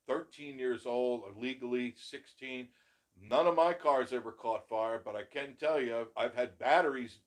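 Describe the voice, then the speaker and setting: Opinionated man hosting a live chat. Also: mid-range voice. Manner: opinionated, emphatic, laughs often. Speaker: live show host. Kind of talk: casual live chat reading viewer comments.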